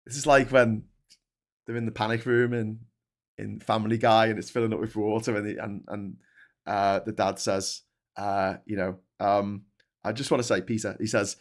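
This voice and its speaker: A British man hosts a live stream show, chatting casually and rambling with lots of restarts and asides. His voice is on the low side, level in tone, at a moderate pace.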